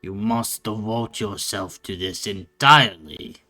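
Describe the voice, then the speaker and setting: A man voicing a gruff, stern noble father who demands discipline from his daughter. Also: fairly low pitch, unhurried, sharp tone. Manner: commanding, demanding.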